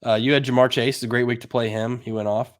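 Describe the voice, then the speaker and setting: A man's voice: medium pitch, flat delivery, quick pace. A man co-hosting a casual podcast, quizzing and teasing his co-host in an upbeat way. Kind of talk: casual chat.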